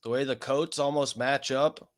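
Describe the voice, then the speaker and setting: A man's voice: mid-range voice, steady tone, moderate pace. A man casually commenting on a debate during a live stream, offhand and swearing as he trails off mid-thought.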